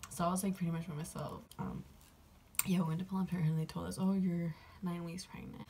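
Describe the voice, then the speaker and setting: A young woman tells a personal story to her camera in a low, gravelly voice, rambling with plenty of fillers and getting emotional. Her tone is dark and mellow, and a faint hum of room ambience sits behind her. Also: level tone, fast talker. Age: young adult. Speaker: vlogger.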